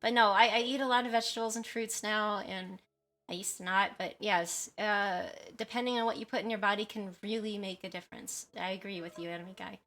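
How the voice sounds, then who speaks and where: A woman's voice: medium pitch, fairly even intonation, brisk, fairly bright tone. A woman streamer chatting casually with viewers, rambling with lots of fillers, giggles and apologies. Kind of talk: casual livestream chat with viewers.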